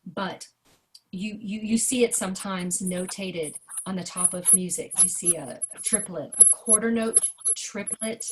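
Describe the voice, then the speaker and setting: Woman, jazz vocal teacher, video-call workshop, lively and hands-on. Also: on the low side, unhurried, a little hiss or hum. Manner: chatty, animated, sings rhythm syllables to demonstrate. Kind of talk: online workshop lesson.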